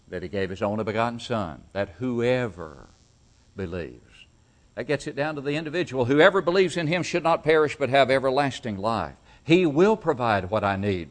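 Slow, emphatic male preacher. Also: lowish voice. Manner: emphatic, repeats key phrases, rhetorical questions. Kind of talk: sermon. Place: church service.

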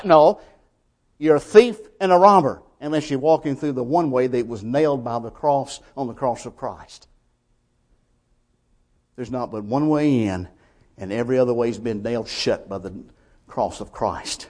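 A man preaching a sermon, emphatic, with swings from quiet lines to loud ones. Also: mid-range voice, normal speed, pauses often.

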